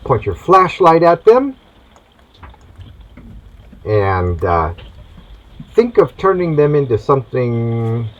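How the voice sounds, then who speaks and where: A man hosting a comic monologue in a hammy mad-doctor persona. He speaks slowly and swoops through a lively pitch range, and his voice is husky. The recording sounds dull and lo-fi. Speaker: host.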